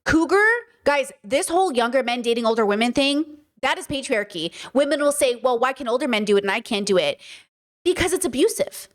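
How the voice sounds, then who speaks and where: A woman's voice: sits high, lively intonation, fairly quick. A woman hosting a reaction commentary video, talking bluntly and emphatically, with frequent swearing.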